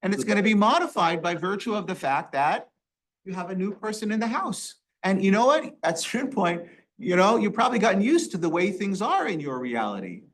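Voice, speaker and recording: High-voiced rabbi teaching a Torah class. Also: male voice, big pitch swings, fairly quick, a bit bright. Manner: asks the class rhetorical questions and quotes Hebrew verses. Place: synagogue classroom.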